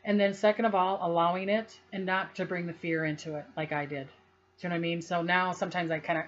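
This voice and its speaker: A woman's voice: lowish voice, fairly quick. Rambling woman psychic, lo-fi sound. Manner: rambling, animated, acts out quoted voices, laughs often. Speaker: psychic telling a personal story. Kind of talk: casual storytelling to camera.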